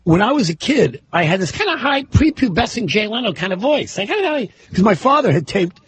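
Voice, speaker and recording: A middle-aged man from New York with a New York accent, a stand-up comedian guest telling stories on talk radio in a gravelly, raspy voice. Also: sits high, brisk. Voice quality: gravelly, raspy from years of yelling and smoking. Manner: animated storyteller. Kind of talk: casual talk radio chat.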